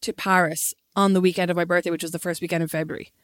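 A woman's voice: fairly low pitch, steady tone, very fast, dry recording, clean studio sound. A young Irish woman, a podcast co-host, telling a story in casual chat and acting out the quotes.

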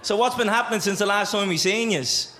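A man's voice: high voice, a little fast, pushed and bright, echoey room. A man with a Dublin Irish accent co-hosting a live comedy podcast on stage, telling a story bluntly with plenty of swearing. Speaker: podcast co-host. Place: stage of a live show in a theater.

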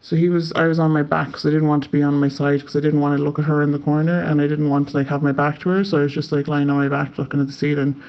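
A man's voice: fairly high pitch, creaky, a little mellow. A young man with an Irish accent casually telling a story. He swears freely and fills his talk with "like". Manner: chatty, swears often, many filler "like"s. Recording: slightly muffled lo-fi audio.

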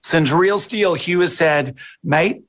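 A middle-aged man, a film director, answering interview questions in a relaxed, chatty, self-deprecating way. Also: fairly high pitch, normal speed.

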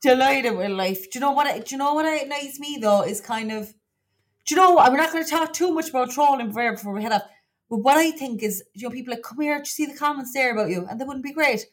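A woman's voice: high-pitched, fast. A woman with a Cork Irish accent co-hosting a podcast, chatting casually, swearing freely and joking. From Ireland. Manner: swears freely, animated and jokey. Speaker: podcast co-host. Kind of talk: casual chat.

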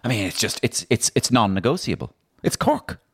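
A middle-aged Irish man, a comedian and impressionist, telling stories in a casual interview, animated and full of restarts. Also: lowish voice, quick pace, slightly rough. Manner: animated, storytelling, many restarts.

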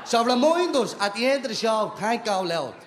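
A man's voice: very high voice, very animated, normal speed. A young man with a Dublin accent, co-hosting a live podcast show and trading cheeky, sweary banter with the audience. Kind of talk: live stage banter with crowd. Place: live venue before an audience. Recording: echoey venue, noisy crowd.

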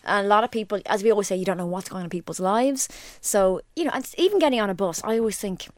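Fast-talking female podcast co-host, opinionated and chatty, dry close mic. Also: medium pitch, no echo. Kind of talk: casual chat.

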